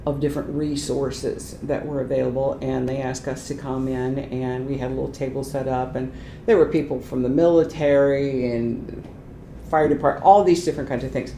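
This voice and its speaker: An older woman with a low voice tells lively workplace stories in an oral history interview. Her voice rings in an echoey room with a faint rumble underneath. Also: moderate pace, creaky. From Ohio, United States. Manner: lively anecdotal storytelling. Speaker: retired transition specialist.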